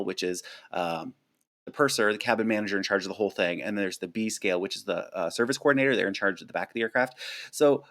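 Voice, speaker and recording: A man with a somewhat low voice talks casually on a live stream, animated and full of fillers and restarts. He sits right up on a desk microphone at home. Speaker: flight attendant streamer. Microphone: close desk mic.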